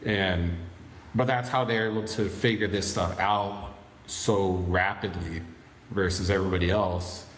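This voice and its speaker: A man co-hosting a casual podcast chat, speaking hesitantly with halting fillers. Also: deep voice, fairly even intonation, fairly bright tone, echoey room, long reverb tail, slight background noise. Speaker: podcast co-host.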